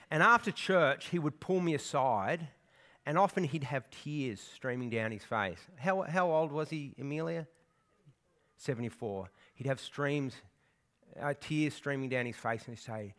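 A man's voice: mid-range voice, fairly bright tone. A man preaching a sermon to his congregation, earnest and conversational, with swells of emphasis. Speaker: pastor.

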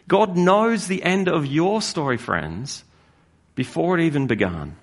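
A man preaching a sermon as a pastor, earnest and slowing down to stress key lines. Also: on the high side, lively intonation. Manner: earnest, with slow emphatic stresses.

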